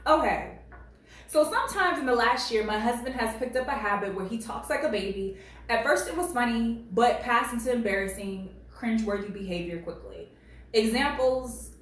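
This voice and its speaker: A woman in her late twenties gives sassy, animated commentary on stories she reads. Her slightly high voice sits a little away from the mic in a strongly echoing room. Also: far from the mic, a little hiss or hum. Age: late 20s. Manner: animated, sassy, laughs a lot. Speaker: reddit story reader and commentator. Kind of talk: casual commentary vlog. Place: at home.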